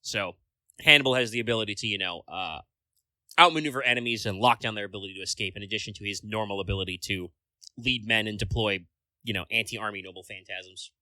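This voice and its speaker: Rambling man with a sharp, forceful voice. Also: lowish voice, fast, dry recording. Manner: rambling, full of filler words and casual swearing. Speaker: podcast co-host. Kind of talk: casual podcast chat.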